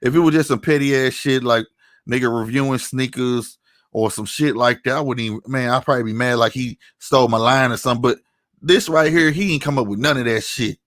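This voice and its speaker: A man's voice: medium pitch, fairly quick, fairly bright tone, dry recording. Angry man ranting, dry close sound. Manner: angry, profane, repeats "you know what I'm saying". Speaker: online commentator. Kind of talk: heated commentary rant.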